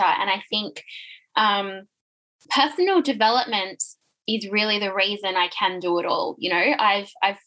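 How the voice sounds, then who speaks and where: A woman speaking as a podcast guest, effusive and thinking aloud with soft fillers. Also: mid-range voice, poor audio. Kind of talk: casual interview chat.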